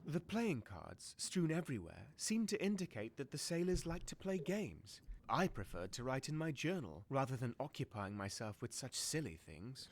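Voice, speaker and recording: A reflective passenger narrating his sea voyage in a video game. Calm, wistful storytelling, with a voice that moves freely up and down. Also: mid-range voice, moderate pace, few pauses. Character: reflective male ship passenger narrating a journal.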